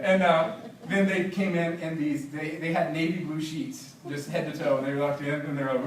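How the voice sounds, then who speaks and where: A man, an author, telling stories and reading his book aloud to a library discussion group in an animated, laughing manner. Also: on the high side, normal speed, background noise. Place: library meeting room. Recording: roomy, distant, faint background.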